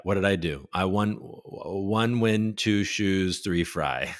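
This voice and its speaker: A man's voice: sits low, slow pace, few pauses. Rambling, jokey male livestream host. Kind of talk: casual livestream chat, reading viewer comments.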